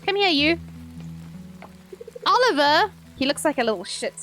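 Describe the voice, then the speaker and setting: A woman VTuber streaming a game in casual live commentary, excitable and squealing, swearing freely into a desk microphone. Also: high voice, moderate pace, soft background music.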